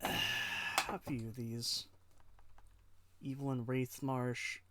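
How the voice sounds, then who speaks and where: A man's voice: medium pitch, level tone, drawn-out words, bright, forceful tone, slight background noise. A man streaming a video game, chatting casually and swearing now and then. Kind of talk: casual gaming chat.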